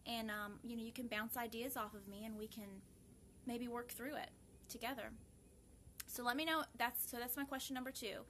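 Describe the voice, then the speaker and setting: A woman's voice: a little high, steady tone, moderate pace, a bit bright, a little hiss or hum. Earnest woman talking to viewers. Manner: earnest, encouraging, many fillers and restarts. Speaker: host of a grief support live video. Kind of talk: casual live-stream talk to viewers.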